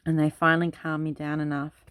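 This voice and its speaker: A woman's voice: deep voice, monotone, a little fast, a bit bright, no echo. A woman hosting a craft video, telling long rambling childhood stories in a casual chat while she works. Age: adult parent. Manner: rambling anecdotal storytelling. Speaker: craft channel host.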